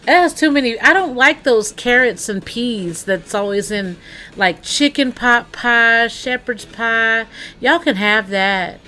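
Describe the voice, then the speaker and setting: Woman, casual livestreamer; bright, crisp tone, rambling chatty delivery aimed at the chat. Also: fairly high pitch, animated, slow, soft background music.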